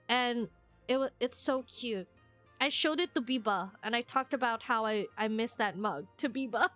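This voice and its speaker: A woman streamer chatting casually and reading comments, giggly and rambling with quick emotional swings, at a desk mic at home. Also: on the high side, fairly bright tone.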